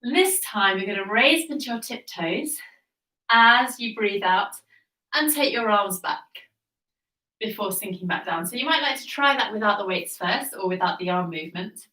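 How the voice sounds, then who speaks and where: A woman leading a Pilates workout, cueing each move calmly and encouragingly, a little out of breath as she exercises along. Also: mid-range voice, normal speed, far from the mic. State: slightly out of breath. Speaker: Pilates instructor. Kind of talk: guided workout instruction. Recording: echoey room, voice off-mic.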